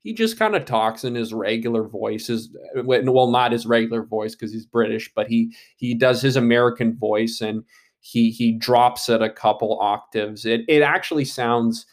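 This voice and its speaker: A man's voice: mid-range voice, moderate pace. A man giving casual solo commentary on an upcoming movie, rambling with many fillers and restarts and swearing casually.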